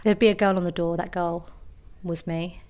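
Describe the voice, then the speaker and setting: A woman's voice: lowish voice, moderate pace. A woman, talking frankly and animatedly as an interview guest. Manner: frank, animated, laughing easily. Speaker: guest, author. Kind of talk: interview conversation.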